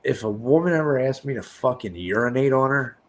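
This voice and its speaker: An expressive man with a mid-range voice co-hosts a podcast. His casual banter is crude, profane, and rambling, and he's quick to act out quotes.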